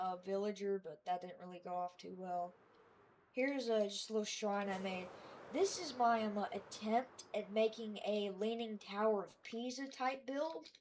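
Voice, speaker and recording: Woman, casual gameplay voice-over, mid-pitched, halting and rambly, self-deprecating. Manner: rambling and hesitant, with many fillers and restarts; self-deprecating about her own work. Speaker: creator giving a tour of her game world.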